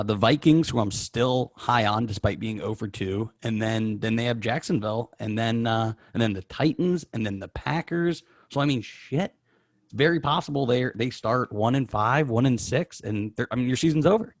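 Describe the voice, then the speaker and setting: A man's voice: medium pitch, moderate pace, no echo, studio quality. Rambling male podcast co-host. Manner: rambling, hesitant analysis. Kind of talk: casual sports podcast chat.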